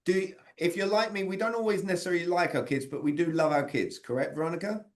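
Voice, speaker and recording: Higher-voiced man coaching over a video call. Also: quick pace. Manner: conversational, quizzing his audience by name. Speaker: sales communication coach. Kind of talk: interactive online training talk.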